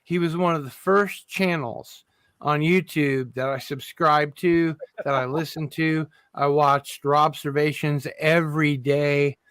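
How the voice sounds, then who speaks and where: Slow-talking guy keeping an online panel argument civil, kinda high voice, dry sound. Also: smooth, no room sound. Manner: slow and measured, calling for calm. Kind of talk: heated panel debate.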